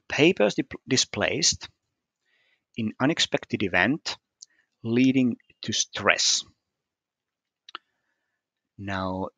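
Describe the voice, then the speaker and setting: In a screen-recorded walkthrough, a man explains a puzzle's solution step by step, methodical but hesitant and full of fillers. His voice is fairly low and a bit bright, with no echo.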